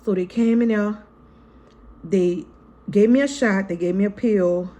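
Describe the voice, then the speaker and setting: A woman's voice: mid-range voice, measured pace, mellow. A woman vlogger and mother telling a story in a casual vlog, frank and profane, chatting straight to her viewers. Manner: chatty, frank and profane, keeps calling to viewers as "y'all" and "girl"; re-enacts scenes vividly in the retelling.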